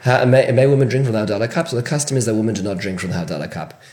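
A man with a fairly low voice works through a Jewish law lesson question by question, stumbling and restarting as he explains. The sound has a noticeable echo from the room around him. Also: racing, darkish tone. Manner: question-and-answer delivery with frequent restarts and fillers. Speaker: rabbi teaching Jewish law. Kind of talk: Q&A-style halachic lesson.

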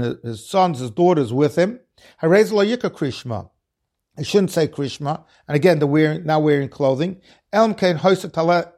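A Talmud teacher gives a lecture line by line, reading out the Aramaic phrases and explaining each in English. His voice sits fairly high with a darkish tone.

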